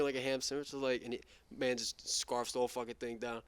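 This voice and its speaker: A young man from New York, a guest in a casual interview, telling stories quickly with lots of fillers and swearing. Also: mid-range voice, little pitch movement, clear, resonant tone, dry recording. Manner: rapid, profane, filler-heavy storytelling. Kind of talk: casual chat.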